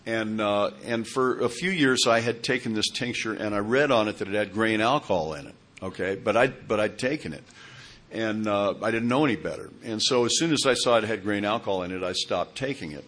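Man in his sixties, low voice, rambling. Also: brisk, fairly bright tone. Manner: rambling storyteller, checks in with listeners. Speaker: recovery meeting speaker. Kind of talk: personal testimony talk.

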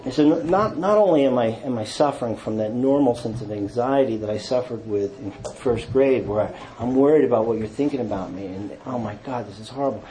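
A man's voice: a little fast, hardly any pauses, low-quality recording. Self-mocking man telling his recovery story. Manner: storytelling, acts out quotes, self-mocking humor, trails to low quiet tones. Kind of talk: personal testimony talk to an audience.

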